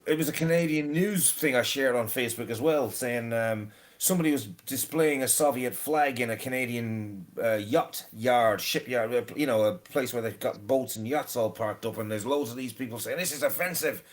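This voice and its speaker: A man's voice: mid-range voice, moderate pace, hardly any pauses. A man in casual podcast chat, ranting, swearing freely and stumbling over repeated words.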